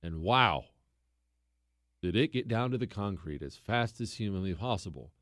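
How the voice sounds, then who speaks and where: A man hosting a radio talk show, telling a story in an animated, joking way and teasing his co-host. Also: lowish voice, normal speed, dry recording, studio quality.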